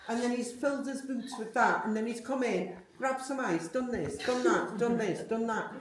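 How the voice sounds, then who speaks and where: Speaking at a moderate pace in a fairly high voice, a woman serving as a medium gives a sitter a live psychic reading, chatting away and often using tag questions. The room is echoey, the recording far off, and there's faint noise.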